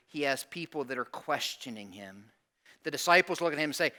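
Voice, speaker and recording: A pastor preaching a sermon in church, animated, acting out the people he quotes and putting questions to the congregation. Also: mid-range voice, fast.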